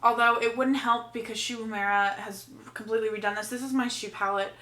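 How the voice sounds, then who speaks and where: A woman's voice: a little high, fairly even intonation, fairly quick, sharp tone. A young woman from Texas chatting casually to camera about her makeup, rambling and swearing freely. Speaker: beauty vlogger. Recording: echoey room.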